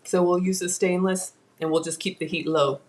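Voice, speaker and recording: A woman's voice: lowish voice, fairly even intonation, normal speed. A woman hosting a live home cooking class, chatty and self-teasing as she talks to viewers from her kitchen. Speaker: cooking show host.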